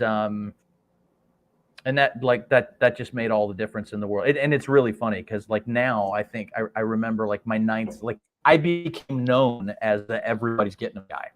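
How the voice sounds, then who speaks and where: A man appearing as a podcast guest, telling an anecdote in an excited, laughing way and acting out the voices of the people in it. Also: on the low side. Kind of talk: animated anecdote storytelling.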